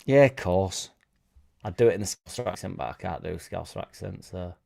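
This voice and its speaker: A man's voice: deep voice, a little fast, vocal fry, a little mellow. A man hosting a fan channel live stream, talking casually and rambling between topics and viewer comments, with self-deprecating asides.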